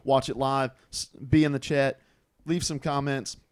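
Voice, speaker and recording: A young man hosts a casual podcast, teasing his friends and spinning quick stories. His voice sits at a middle pitch, relaxed and chatty. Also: smooth. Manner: joking, teasing, storytelling. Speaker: podcast host.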